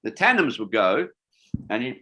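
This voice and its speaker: Chatty older man, bright voice. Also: mid-range voice, big pitch swings, normal speed. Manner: rambling, chatty, with many fillers and restarts. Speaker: wingsuit designer guest. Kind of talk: casual interview storytelling.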